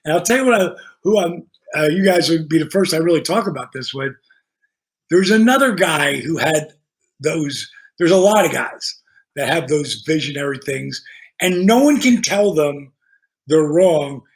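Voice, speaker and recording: A man with a fairly high-pitched voice for his sex, spinning casual stories as a podcast guest. He is animated and profane and acts out the back-and-forth of each conversation. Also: normal speed. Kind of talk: casual storytelling.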